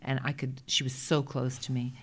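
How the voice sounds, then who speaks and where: A middle-aged woman with a Brooklyn accent, telling lively stories as a guest in a casual interview. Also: a bass voice. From Brooklyn, New York. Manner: chatty, animated anecdotes with quick restarts. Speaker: guest, Broadway performer.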